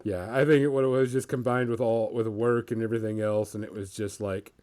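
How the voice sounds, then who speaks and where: A man hosting a casual hobby podcast, talking in a halting way with many fillers. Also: lowish voice, steady tone, darkish tone. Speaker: podcast host. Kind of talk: casual chat.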